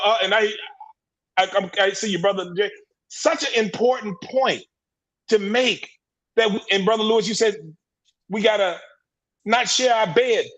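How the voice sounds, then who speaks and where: A man's voice: high-pitched, a bit bright, poor audio. A man speaking in an impassioned group discussion on a livestream call, preachy and emphatic, repeating words and restarting his sentences. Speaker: panelist in a men's discussion group. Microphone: livestream video call.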